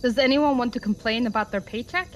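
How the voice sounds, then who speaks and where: A woman running a tabletop game as game master, halting and teasing, with many fillers. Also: on the high side, a little hiss or hum, rough recording.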